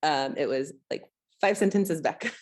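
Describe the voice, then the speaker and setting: Low-voiced woman politely stepping in. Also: unhurried, a little mellow. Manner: polite, hesitant interjections. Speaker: program moderator. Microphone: video call.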